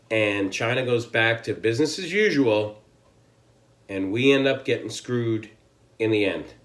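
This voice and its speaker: A man's voice: medium pitch, fairly bright tone. An American man ranting to camera on his channel, angry, emphatic and swearing constantly. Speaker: channel host. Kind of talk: political rant to camera.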